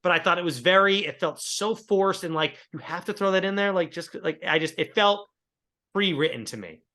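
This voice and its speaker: Bright-voiced man co-hosting a chat show. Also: sits high, animated, normal speed. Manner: rambling, opinionated. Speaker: co-host. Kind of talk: casual chat.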